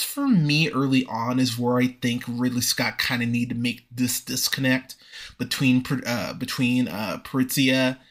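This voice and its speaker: A man hosting a movie review podcast, talking casually with frequent pauses and restarts. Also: medium pitch, fairly bright tone. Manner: conversational, frequent fillers and restarts. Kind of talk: casual spoken film review.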